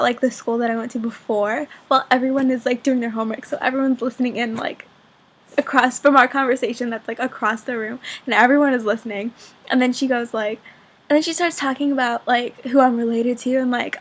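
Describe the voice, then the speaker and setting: A teenage girl vlogging in casual chat to the camera, rambling and chatty with a husky voice. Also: on the high side, moderate pace. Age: teens.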